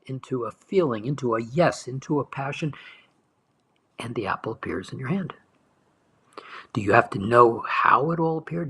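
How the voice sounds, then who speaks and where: A man leading a guided meditation talk as a spiritual teacher, speaking softly and slowly, lingering on words and sometimes dropping to a whisper. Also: medium pitch, slightly rough. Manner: soft, slow, dwelling on words, dropping to whispers.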